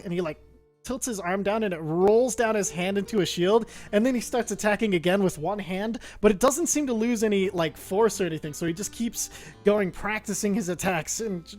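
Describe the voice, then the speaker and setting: A high-voiced man describing his character in a tabletop game, animated and rambling, with frequent laughs. Soft guitar music sits faintly behind. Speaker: player.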